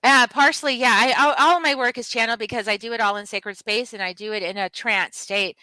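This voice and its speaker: A woman's voice: a little high, steady tone, a little fast, bright, forceful tone, dry recording, low-quality recording. A middle-aged woman, a healer and author, telling stories with fervent, emphatic, repetitive urging. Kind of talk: passionate interview storytelling.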